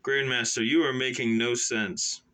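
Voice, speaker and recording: A man voicing an earnest young male assassin who asks pleading, halting questions, in a self-published novel read aloud. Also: medium pitch, fairly even intonation, pushed and bright, natural voice. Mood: alarmed.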